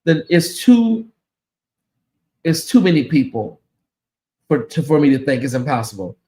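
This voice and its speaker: A man hosts a casual livestream in a somewhat high voice, speaking a little slowly and directly to his viewers. His sassy, animated delivery swings between teasing and heartfelt thanks.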